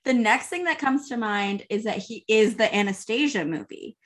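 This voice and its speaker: A woman's voice: fairly high pitch, moderate pace. A woman co-hosting a podcast in casual chat, reacting in a giggly, playful way. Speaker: podcast co-host.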